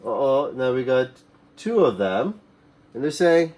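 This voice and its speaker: A man teaching a children's English reading lesson, reading short phrases slowly and clearly for the class to repeat. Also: medium pitch, sing-song, darkish tone.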